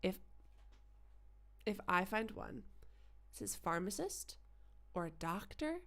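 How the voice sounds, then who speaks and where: A woman's voice: high-pitched, very animated, unhurried, long pauses, a bit bright. A woman streaming a horror game and talking through it in a rambling, sarcastic way, swearing freely. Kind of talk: casual gameplay commentary.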